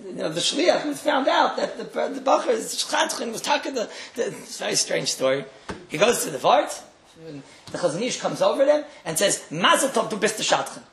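Male rabbi, religious talk; gravelly, wry storyteller who repeats for effect; room echo. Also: high voice, big pitch swings, fairly quick, a little hiss or hum. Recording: roomy echo.

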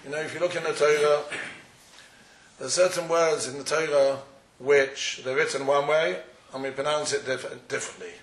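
A man lectures on a Talmudic topic in a questioning, back-and-forth cadence. His voice sits somewhat high. He is heard from a distance in a roomy, echoing space. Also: fairly even intonation, moderate pace, a bit bright. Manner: questioning, argumentative study-hall cadence. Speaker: Torah teacher. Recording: echoey room, far from the mic.

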